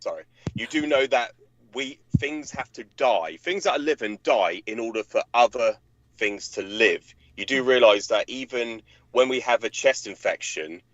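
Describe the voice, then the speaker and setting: Male co-host, halting and filler-heavy, keeps pushing his argument; dull, dry video-call sound. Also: medium pitch, expressive, a bit bright, dry recording. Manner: hesitant, filler-heavy, presses a point. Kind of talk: casual chat.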